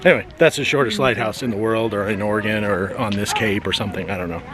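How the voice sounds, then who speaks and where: A man narrates a casual vlog outdoors on a windy coastal cape, cracking dry, sarcastic jokes and sometimes panting from a steep hill. His voice runs low and fast, with a crowd in the background of the noisy outdoor camera audio.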